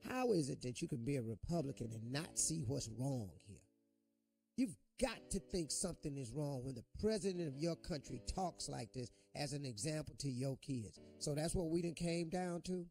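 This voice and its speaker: A man's voice: on the high side, animated, normal speed, vocal fry, a little mellow, faint music behind. A middle-aged man, hosting a morning radio show and delivering impassioned, preachy commentary.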